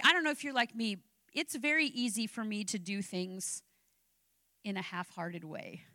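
High, bright-voiced woman preaching. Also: no room sound. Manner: animated preaching with personal anecdotes, rising to impassioned exhortation. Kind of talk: sermon.

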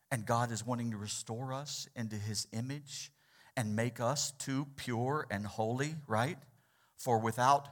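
Man, pastor, preaching a sermon, call-and-response, mid-pitched voice, loud then hushed.

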